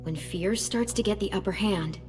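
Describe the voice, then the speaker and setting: A woman voicing a steady, protective teenage survivor girl who talks calmly and earnestly. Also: medium pitch, moderate pace, over music, close to an everyday voice. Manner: calm, earnest, persuasive.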